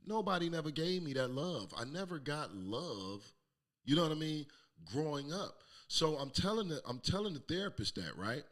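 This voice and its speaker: A middle-aged man hosting his own podcast, telling a raw, emotional personal story with plenty of profanity and sometimes dropping to a hush. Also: fairly high pitch, very animated, normal speed. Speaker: podcast host. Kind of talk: candid personal monologue.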